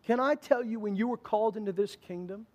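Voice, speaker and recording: A man preaching a sermon to his church in a conversational, animated way, with emphatic rises in his voice. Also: high-pitched, fairly quick, highs cut off. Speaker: pastor.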